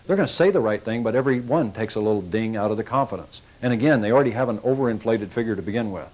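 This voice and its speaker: A man's voice: lowish voice, racing, darkish tone, rough recording. Folksy man coaching car salespeople. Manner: folksy and coaching, acts out customer exchanges. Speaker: sales trainer. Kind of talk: sales training talk.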